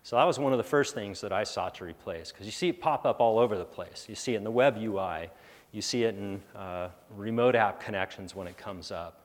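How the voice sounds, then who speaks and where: Male conference presenter, lower voice, sarcastic asides, fillers and restarts, recorded in an echoey hall. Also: a little fast. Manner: thinks aloud with frequent fillers and restarts. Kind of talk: technical conference talk.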